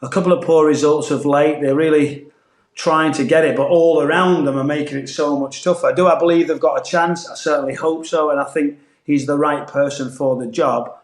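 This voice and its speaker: A man's voice: on the high side, steady tone, brisk, echoey room. A man who grew up in northeast England, with a Manchester-tinged accent, chatting earnestly on a podcast as a former footballer. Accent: Manchester-tinged English. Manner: earnest, rambling with restarts. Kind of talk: casual podcast chat.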